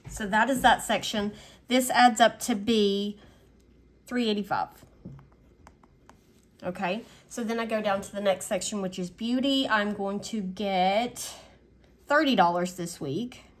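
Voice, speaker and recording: A woman in a casual vlog, chatting through her weekly budget and thinking aloud with frequent fillers. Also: mid-range voice. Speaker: budgeting vlogger.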